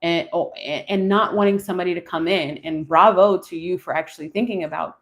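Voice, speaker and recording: A woman in her forties does a live tarot reading, thinking aloud between card pulls and talking to her viewers. Her voice is on the low side and she speaks fairly quickly.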